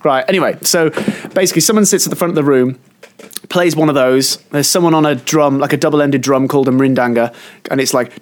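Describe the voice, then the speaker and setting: Rambling man telling a story, slightly high. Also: fast talker. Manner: rambling storyteller who often trails off and restarts. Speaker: podcast co-host. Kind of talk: casual chat.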